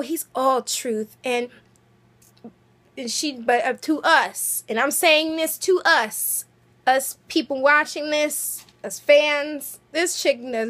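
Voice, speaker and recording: A woman giving a chatty, animated recap of a TV episode, with lots of fillers and asides. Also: high voice.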